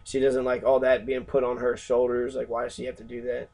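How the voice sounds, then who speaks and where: Man, reaction host, gravelly, raspy, rambling, profane, casual film talk. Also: mid-range voice, completely flat delivery, a little mellow, rough recording. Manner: rambling, profane, halting with fillers. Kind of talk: casual movie commentary.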